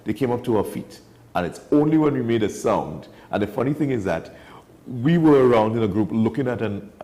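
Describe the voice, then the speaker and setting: A man talks in a casual studio chat, animated and emphatic. His pitch sits mid-range and he jumps up high when making a point. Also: fairly quick. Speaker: wildlife guest.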